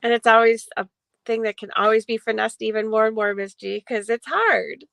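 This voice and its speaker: A woman's voice: fairly high pitch, moderate pace, creaky, fairly bright tone, no room sound. A woman guest speaking reflectively and agreeing with the host.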